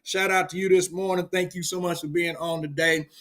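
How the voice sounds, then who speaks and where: On a morning livestream, a middle-aged male pastor preaches casually, greeting viewers by name and shifting from loud shout-outs to quiet storytelling. He speaks briskly in a high-pitched, level tone.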